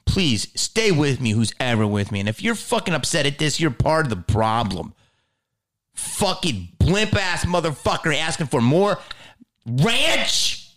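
A man delivering a heated, profane ranting monologue, swinging between low growls and high outbursts. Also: sing-song, measured pace, a bit bright.

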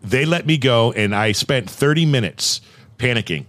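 A man hosting a podcast, talking frankly and excitably about his own radio career. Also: mid-range voice, normal speed, dry recording. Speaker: podcast host, radio station owner. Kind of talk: casual chat.

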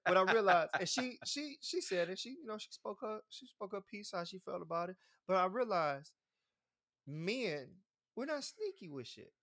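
Podcast co-host telling stories, animated, does high voices for quotes. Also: male voice, normal speed. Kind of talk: casual storytelling chat.

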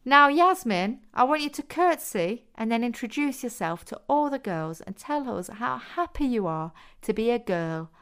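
A bossy young woman barks out instructions and teases without mercy, as a woman reader puts her on. The voice sits well above the reader's own, loud and clear, pushed forward with a smooth tone. It comes across as a storybook reading. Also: a little high, animated, measured pace, pitched above the performer's own voice. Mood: teasing commanding. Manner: commanding, instructive.

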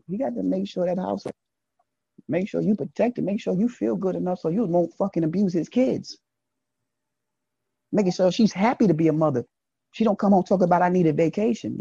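A man delivering a casual, preachy monologue straight at his listeners, swinging between loud emphatic bursts and low asides. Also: fairly quick, gravelly, slightly rough, no room sound, dull audio. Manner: preachy, speaks to listeners directly.

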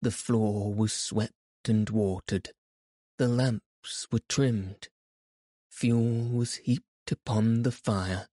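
A man narrating a classic story in an expressive, measured audiobook reading. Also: lowish voice, dry recording, studio quality.

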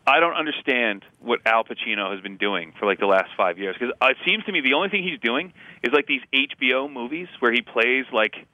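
A man's voice: medium pitch, animated, a little fast, hardly any pauses, bright, forceful tone, dry recording, highs cut off. A man co-hosting a podcast in casual chat, eager and talkative, filling his sentences with "like.". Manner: eager, chatty, many "like" fillers. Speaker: podcast co-host.

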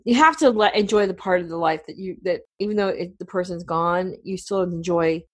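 A middle-aged woman in casual conversation, telling family stories in a rambling, animated way with many fillers. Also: lowish voice, fairly quick. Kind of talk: casual chat.

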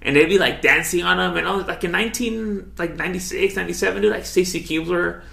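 A man's voice: high voice, fast talker, gravelly, bright, forceful tone. A young man co-hosting a podcast in casual chat, laid-back, swearing freely and saying "dude" all the time. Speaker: podcast co-host. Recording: echoey room.

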